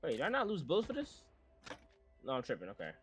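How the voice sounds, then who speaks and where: A man with a fairly high, lively voice swings his pitch all over as he teases his friends in a co-op game. His chatter is playful and full of excited exclamations. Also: fast talker, faint music behind. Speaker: gamer on voice chat. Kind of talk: casual gaming chat.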